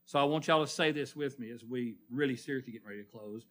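Bright-voiced preacher quizzing his flock. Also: mid-range voice, quick pace. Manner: calls on listeners by name, call-and-response questions. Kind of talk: sermon. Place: church.

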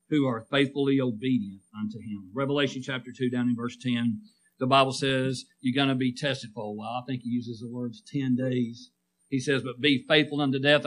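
A man's voice: mid-range voice, a bit bright. A man preaching a sermon, calling for amens and drawing responses from the congregation with rising and falling emphasis.

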